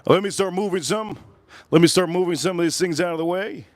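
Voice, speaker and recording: A man hosts a casual livestream whiskey review, rambling excitably as he speaks straight to his viewers. His voice sits high and moves fairly quickly, with no echo.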